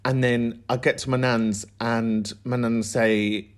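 A man's voice: medium pitch, little pitch movement, a little slow. A man hosting a podcast, telling stories in a chatty, laughing way. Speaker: podcast host. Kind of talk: casual chat.

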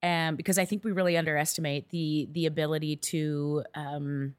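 A woman hosts a podcast with loose, rambling questions, circling back and restarting as she talks. Her voice sits low, and the recording is dry and close. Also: normal speed, no echo. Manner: rambling, animated questions with restarts and mild swearing. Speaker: podcast host. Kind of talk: casual interview chat.

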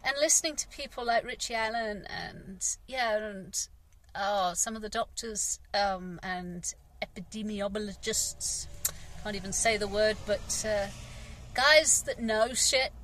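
Bright-voiced English woman, rambling and frank. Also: medium pitch, slight background noise, low-quality recording. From England. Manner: rambling, candid, frustrated, frequent sighs and fillers. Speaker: gardener. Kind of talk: personal vlog monologue.

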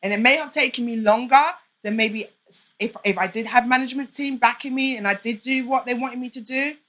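A bright, fairly high-voiced young woman speaks as a podcast guest. She talks in an open, heartfelt and emphatic way. She gives candid answers in conversation. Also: fairly even intonation, a little fast.

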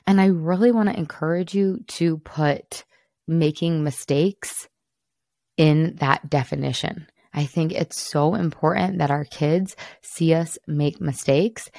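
A woman's voice: low voice, measured pace, gravelly, darkish tone, dry recording, studio quality. A woman in her thirties hosting a solo podcast, talking candidly and encouragingly to other moms and teasing herself about her own slips. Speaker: podcast host, mom coach.

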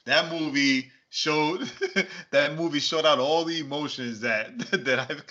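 A man co-hosting a podcast in casual chat, telling stories in an animated, exclaiming way and laughing often. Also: a little high, measured pace. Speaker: podcast co-host. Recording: dull, lo-fi podcast audio.

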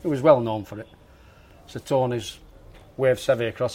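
A man's voice: medium pitch, normal speed. Man telling caddie stories. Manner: animated, acts out quoted dialogue. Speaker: former golf caddie. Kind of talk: casual anecdotal storytelling.

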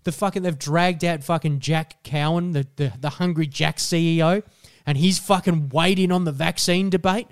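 A young Australian man with a fairly high voice rants and swears his way through casual podcast banter. The recording is dry and close, with no room sound. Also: normal speed, clear, resonant tone, dry recording. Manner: sweary, ranting, animated. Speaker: podcast co-host.

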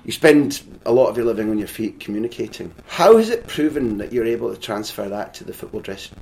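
A man's voice: fairly low pitch, big pitch swings, fairly quick, gravelly, a little mellow. A man hosting a podcast who asks playful, teasing questions in a casual interview chat. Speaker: podcast host.

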